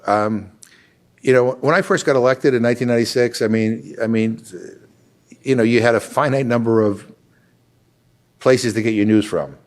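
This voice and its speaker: A man's voice: mid-range voice, normal speed, long pauses. Older man talking in rambling, restarting speech. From Massachusetts. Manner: rambling, many restarts and fillers, animated storytelling. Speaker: congressman. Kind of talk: casual conversational talk.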